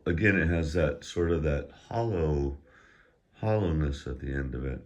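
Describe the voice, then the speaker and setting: A man's voice: rumbling low, lively intonation, normal speed, a bit bright. A man teaching a pronunciation lesson. He drills syllables one by one in a raised voice, then explains them in a plain conversational tone. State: slightly out of breath. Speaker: language teacher.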